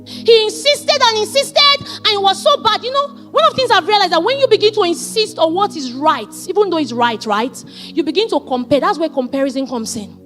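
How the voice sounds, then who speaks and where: A woman, giving an animated talk on marriage into a handheld mic. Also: very high voice, a little fast, soft background music. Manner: animated, dramatic retelling. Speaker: speaker on marriage. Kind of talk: storytelling talk.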